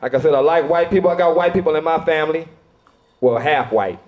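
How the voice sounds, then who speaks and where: A middle-aged stand-up comedian works through his routine in an easygoing, conversational way, full of asides. His voice is a little high and quick, and the audio has its highs cut off.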